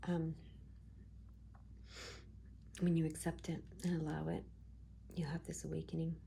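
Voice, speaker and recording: A woman giving a casual tarot reading, soft-spoken and reassuring, often slipping into a half-whisper as she muses over the cards. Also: deep voice, flat delivery, measured pace, vocal fry, slight background noise. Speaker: tarot reader.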